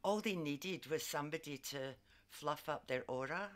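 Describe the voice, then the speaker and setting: An Australian woman, a psychic and former community worker, telling stories in a lively, laughing way as a guest. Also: sits low. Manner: animated, laughs often, quick asides. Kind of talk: storytelling in casual conversation.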